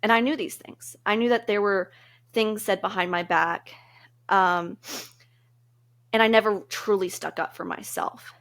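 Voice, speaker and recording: A woman's voice: medium pitch, fairly even intonation, a little slow, long pauses, a bit bright. A woman co-hosting a podcast, talking through relationship advice in a casual, earnest, reflective way and laughing easily. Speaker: podcast co-host.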